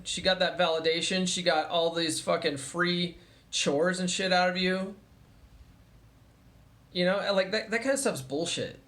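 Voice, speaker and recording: A man's voice: sits high, fairly bright tone. A young man telling a story in a casual vlog, chatty and profane, with lots of fillers. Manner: mimics others in a raised voice when quoting them. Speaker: vlogger.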